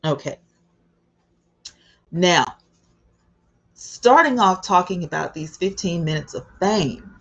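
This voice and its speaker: A woman's voice: fairly low pitch, expressive, slow pace, long pauses, husky. A woman hosting a casual livestream, chatty and emotional, greeting viewers by name as she talks. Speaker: livestream host.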